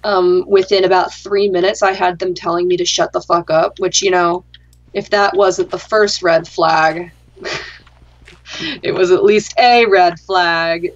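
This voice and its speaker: A woman's voice: fairly low pitch, highs cut off. A young adult woman hosting a gaming chat, telling a story casually in a dry, sarcastic way and swearing freely. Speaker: gaming channel host.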